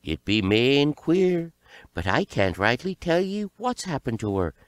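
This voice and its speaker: A man voicing an old village wise woman in a storybook reading, speaking in a slow, folksy rustic dialect. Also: mid-range voice, big pitch swings, no room sound, pitched above the performer's own voice. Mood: puzzled. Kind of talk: storybook character voice.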